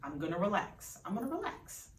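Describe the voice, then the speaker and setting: A woman's voice: medium pitch, sing-song, fairly quick, a little hiss or hum, natural voice. A woman voicing an anxious young woman student who talks hesitantly. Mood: uneasy. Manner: nervous, hesitant. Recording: roomy, distant mic.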